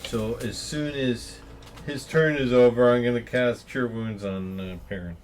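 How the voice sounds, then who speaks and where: A man playing a tabletop game, relaxed and a little hesitant as he describes his actions. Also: medium pitch, unhurried, slight background noise. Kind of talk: casual tabletop game play.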